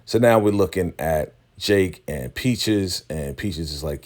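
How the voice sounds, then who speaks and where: A man's voice: deep voice, animated, slow pace, hardly any pauses, a little mellow. A man casually recapping a TV episode, retelling scenes in a loose, conversational way and paraphrasing what the characters say. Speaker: TV recap vlogger.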